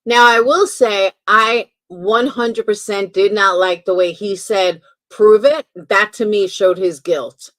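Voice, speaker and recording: A woman's voice: medium pitch, fairly even intonation, slow pace, hardly any pauses, a bit bright. A woman hosting a commentary stream, giving emphatic, opinionated reactions in a casual way. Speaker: commentary channel host.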